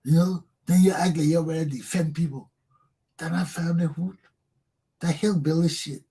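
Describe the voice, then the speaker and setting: Angry, husky Liberian man ranting. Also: a little high, mellow. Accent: Liberian English. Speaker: talk show host. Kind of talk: impassioned political monologue.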